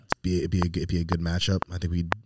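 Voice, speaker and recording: A man's voice: sits low, completely flat delivery, rapid-fire, very noisy. A man co-hosting a casual sports betting podcast, hyped and teasing in his banter. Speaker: podcast co-host.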